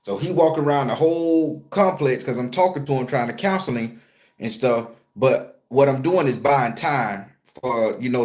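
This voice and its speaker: A man who works as a spiritual reader, telling a story to his viewers in an animated, profane, conversational way. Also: mid-range voice. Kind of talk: storytelling vlog.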